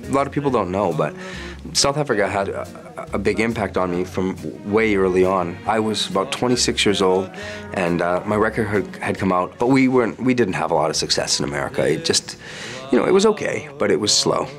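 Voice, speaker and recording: A man's voice: deep voice, expressive, fairly quick, few pauses, music in the background. A male singer as an interview guest, telling stories in a chatty, playful way. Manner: chatty storyteller, warm and playful. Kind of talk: casual interview chat.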